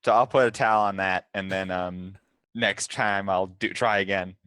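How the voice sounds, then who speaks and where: A man's voice: low voice, fairly even intonation, normal speed, a bit bright, smooth, dry recording. A man playing a tabletop game, arguing over the rules and hesitating with many fillers. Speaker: player.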